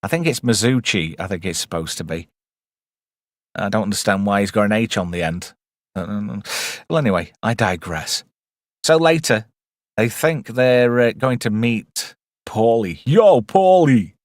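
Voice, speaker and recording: A man's voice: fairly low pitch, normal speed, dry recording, clean studio sound. A man hosting a casual live film review stream, chatty and wry with rambling asides.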